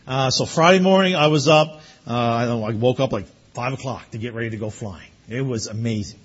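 A man's voice: mid-range voice, fairly quick, hardly any pauses, husky, muffled recording. A man preaching as pastor to graduates, telling a story with chuckles and then urging them earnestly. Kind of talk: sermon to graduates.

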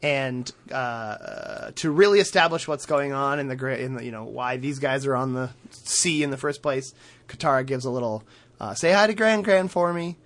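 A man's voice: mid-range voice, normal speed, fairly bright tone. A man co-hosting a podcast in casual chat, retelling a cartoon episode with frequent laughs and fillers. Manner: laughs often, many fillers, acts out quotes. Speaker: podcast co-host recapping a cartoon.

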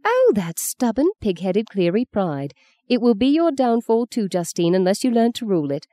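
A woman reading aloud and voicing a stern, commanding elderly grandmother with a brisk, precise way of speaking. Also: medium pitch, sing-song, warm tone, no echo, pitched above the performer's own voice, lightly acted. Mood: scolding. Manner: brisk, precise, lightly scolding.

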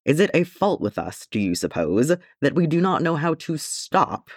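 A man voicing a grave, weary older male dwarf king, speaking calmly and gently. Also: fairly high pitch, normal speed, husky, dry recording, studio quality, pitched above the performer's own voice. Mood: gentle.

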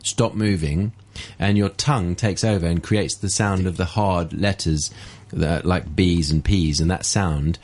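A man's voice: sits low, a little slow, few pauses, darkish tone. A man guesting on a radio show as a ventriloquist, explaining and demonstrating his technique in casual chat.

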